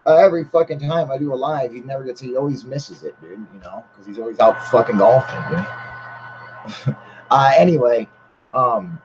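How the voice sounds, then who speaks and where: A man's voice: a little high, darkish tone. A man hosting a casual livestream, chatting with viewers in a blunt, heavily profane, rambling way. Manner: rambling with many fillers. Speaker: channel host. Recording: slightly muffled with faint hiss.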